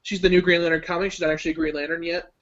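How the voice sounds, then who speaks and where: A man's voice: a little high, flat delivery, very fast, fairly bright tone. A man in casual chat as a guest, opinionated and rambling, with lots of ums and likes. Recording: lo-fi online call audio.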